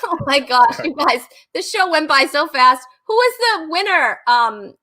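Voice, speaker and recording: This woman's voice sits high and bright as she hosts a comedy chat show. She talks casually, giggles a lot, and keeps things light and bubbly. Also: expressive, a little slow. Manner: giggly and bubbly, laughs often. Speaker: host.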